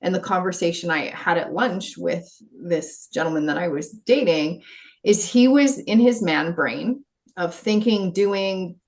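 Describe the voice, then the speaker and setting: Earnest lower-voiced female coach. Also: measured pace. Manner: earnest and animated, laughing often. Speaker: confidence coach, podcast guest. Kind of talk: conversational interview.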